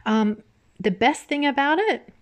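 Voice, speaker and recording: A woman giving a casual spoken review of a drama, animated and swearing freely as she vents, then laughing it off. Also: sits high, a little slow.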